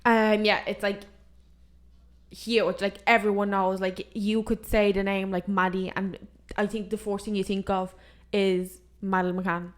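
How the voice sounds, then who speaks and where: A young woman co-hosting a podcast in easy, casual chat. She talks in a loose, giggly way and fills her sentences with "like". Her voice sits in a middle pitch. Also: level tone, measured pace. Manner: giggly, chatty, full of "like". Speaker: podcast co-host.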